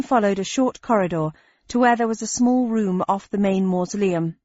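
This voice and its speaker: Woman audiobook narrator, measured and wry, mid-pitched voice, dry, dull recording. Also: a little mellow, no echo. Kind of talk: scripted narration.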